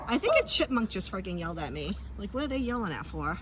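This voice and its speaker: A woman's voice: medium pitch, animated, brisk, heavy background noise. A woman chatting casually on a phone live stream outdoors by a pool, rambling and teasing her dogs. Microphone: handheld phone. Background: dogs barking.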